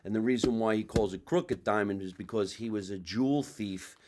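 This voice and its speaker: A man hosts a loose, casual podcast in a lowish voice, trading jokes with his guest and jumping in with his own family stories. He keeps the interview moving with quick questions. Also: dark tone. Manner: joking, interviewing, eager to share stories. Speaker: podcast host and comedian.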